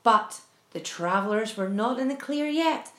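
High-voiced woman reading a story aloud. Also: a little slow. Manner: expressive, animated narration. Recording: roomy echo.

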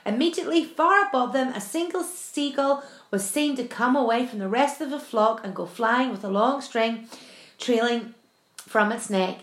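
High-voiced woman reading a story aloud. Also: normal speed. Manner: expressive, animated narration. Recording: roomy echo.

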